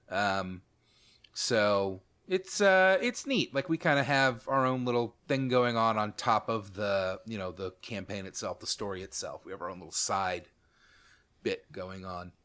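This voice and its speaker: A man's voice: mid-range voice, fairly bright tone. A man hosting a podcast in casual chat, talking in an easygoing, rambling, self-mocking way. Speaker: podcast host.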